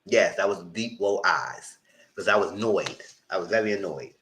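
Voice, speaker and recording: A man's voice: moderate pace, a bit bright, a little hiss or hum. A man giving a live recap of a reality TV show, talking in a sassy, blunt, slangy way. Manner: sassy, blunt, slangy, breaks into mocking high voices.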